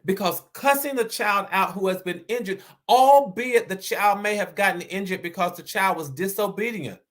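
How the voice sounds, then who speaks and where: A man with a Southern accent and a high voice speaks to his live-stream audience as host. He is earnest and repeats each main point slowly so that it sinks in. Now and then he reads out and thanks comments from the chat. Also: fairly bright tone. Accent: Southern American. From American South. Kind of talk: motivational live-stream talk.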